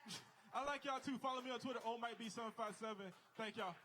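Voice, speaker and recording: A man's voice: extremely high pitch, fast talker, background noise. A man doing a stand-up comedy set on a club stage, telling stories and acting out the people in them with exaggerated voices. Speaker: stand-up comic.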